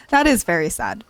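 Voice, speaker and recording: A woman's voice: mid-range voice, dry recording. A woman hosting a let's play who gives casual, chatty commentary and repeats exclamations when something startles her.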